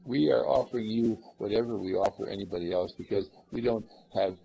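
A man with a mellow, gravelly voice gives an earnest spiritual talk to a group. He rambles and fills his pauses with uhs and ums. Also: poor audio. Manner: acts out callers in lively higher voices; rambling, earnest, with many fillers. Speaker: spiritual teacher.

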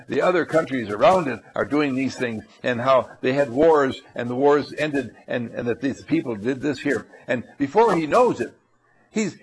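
Gravelly, husky man telling stories. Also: a little high. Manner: rambling, restarts and chuckles, acts out characters. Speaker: storyteller. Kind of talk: rambling anecdotal talk.

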